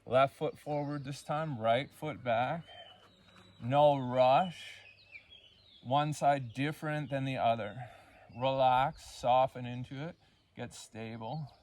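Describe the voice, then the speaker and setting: A man leading a yoga class, cueing poses and breaths in a calm, unhurried way and counting the holds. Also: medium pitch. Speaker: yoga instructor. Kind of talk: guided yoga class instruction.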